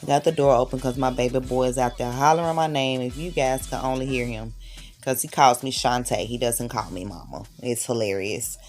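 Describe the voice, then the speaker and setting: A woman's voice: very deep voice, brisk, darkish tone. A woman, a mother filming a casual hair-braiding tutorial at home and cheering herself on as she works. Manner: chatty and self-encouraging, hyping herself up. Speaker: hair vlogger, mother of six.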